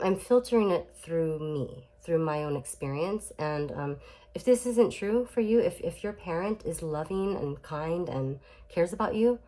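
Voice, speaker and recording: A woman with a low voice talks straight to camera in a loose, chatty way. She restarts her sentences often, leans on fillers, and drops in emphatic swearing. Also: dark tone. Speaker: self-help vlogger. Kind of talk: casual talk to camera.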